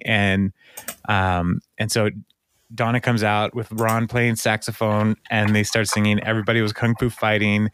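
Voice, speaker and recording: A man's voice: fairly low pitch, a bit bright, dry recording, studio quality. A man co-hosting a podcast, casually recapping a show and acting out lines in playful put-on voices. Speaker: podcast co-host.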